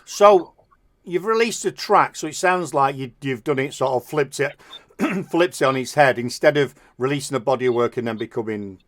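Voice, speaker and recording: A man's voice: mid-range voice, animated, a bit bright. Chatty male radio host. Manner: upbeat, quick praise, chatty asides. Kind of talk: casual radio interview.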